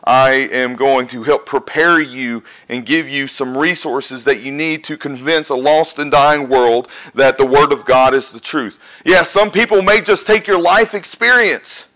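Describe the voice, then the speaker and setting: Guy preaching in church, bright tense voice, talks right to the congregation. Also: mid-range voice, unhurried, few pauses, low-quality recording. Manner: asks the congregation questions and answers them. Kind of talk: conversational sermon.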